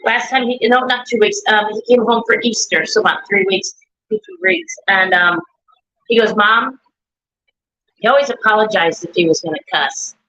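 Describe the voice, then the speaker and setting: Bright-voiced woman on lo-fi audio. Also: medium pitch, moderate pace. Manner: rambling, quotes her son and herself. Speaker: grieving mother and guest. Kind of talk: casual live chat. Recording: dull lo-fi stream audio.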